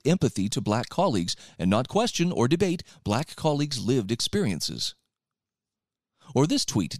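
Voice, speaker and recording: A man's voice: mid-range voice, darkish tone, no room sound, studio quality. A man hosting a talk radio show, reading out and commenting on articles in a sarcastic, opinionated way.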